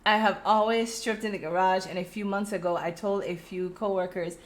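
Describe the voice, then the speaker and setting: A middle-aged woman with a Crucian accent from St. Croix, chatting casually on a live stream, reading out viewers' comments and telling stories in a friendly, animated way. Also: mid-range voice, a little fast. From US Virgin Islands (St. Croix). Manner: chatty, animated storytelling with friendly direct address. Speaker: host of a live check-in stream.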